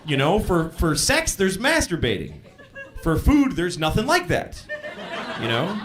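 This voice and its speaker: On a live comedy stage, a man with a slightly high voice and huge pitch swings does a stand-up set at normal speed. His profane, self-deprecating bits include little acted-out voices, with loud crowd laughter and background noise throughout.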